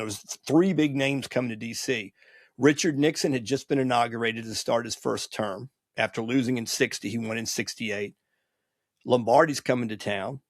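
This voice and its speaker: Gravelly-voiced man in his sixties telling stories. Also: medium pitch, no room sound, clean studio sound. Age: 60s. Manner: rambling, digressive, nostalgic storyteller. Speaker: podcast host and college baseball coach. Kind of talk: casual storytelling monologue.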